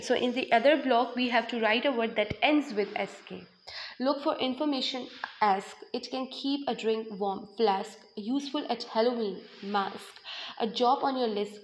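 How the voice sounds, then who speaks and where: A woman teacher with a somewhat higher voice works through a recorded revision lesson. She spells out words letter by letter and explains each answer in a plain, steady way. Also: rough recording. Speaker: school teacher.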